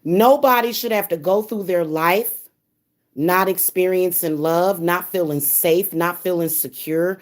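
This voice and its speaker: A young woman with a somewhat low-pitched voice vents on camera in a heated, profane monologue. She curses freely and stumbles into repeated words as her temper flares. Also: unhurried. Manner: heated, cursing, repeats herself when upset. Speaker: spiritual reader and vlogger. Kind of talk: angry, profane venting monologue.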